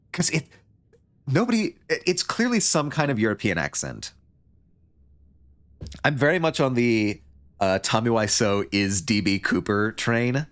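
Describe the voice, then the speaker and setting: A man livestreaming a story game, reading it aloud and joking along in a rambling, casual way. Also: mid-range voice. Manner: joking, rambling, with frequent laughs. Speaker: streamer.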